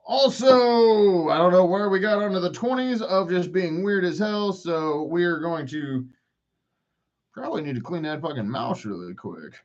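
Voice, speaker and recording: A man's voice: sits high, animated, unhurried, muffled recording. A man in his forties hosting a solo podcast, rambling through profane, self-mocking rants. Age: 40s. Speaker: podcast host.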